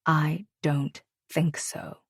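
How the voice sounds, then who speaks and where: A woman voicing a powerful, angry man in an audiobook, speaking quietly and menacingly, close to a whisper. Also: low voice, fairly even intonation, unhurried, slightly rough, no room sound, exaggerated voice. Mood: curt.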